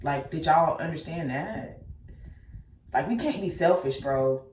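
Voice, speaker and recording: A woman telling her life story candidly and bluntly, cursing freely, talking straight to her listeners and swinging between loud outbursts and quiet asides. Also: low voice, expressive, a little slow, recorded from a distance, slight background noise. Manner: blunt and profane, addresses listeners directly. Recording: echoey room, speaker set back from the mic.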